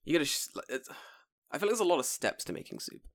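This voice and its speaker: British male co-host, casual chat, animated pitch, swears and laughs a lot. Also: very fast, a crowd in the background. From United Kingdom.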